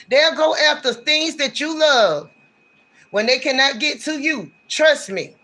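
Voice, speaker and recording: A man's voice: very high voice, a little slow, pushed and bright. A man giving a casual livestream tarot reading, talking in a blunt, slangy, ranting way. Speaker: tarot reader.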